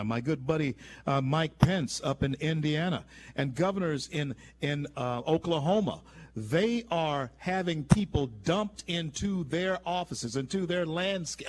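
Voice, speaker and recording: A man hosting political talk radio, speaking in an emphatic, opinionated way with frequent restarts. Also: on the high side. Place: radio studio.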